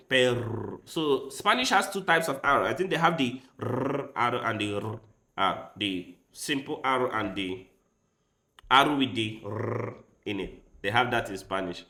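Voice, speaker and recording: A man's voice: mid-range voice, expressive, takes it slowly, bright, forceful tone. A man streaming chess live, chatting casually with his audience and thinking aloud as he tries out foreign words.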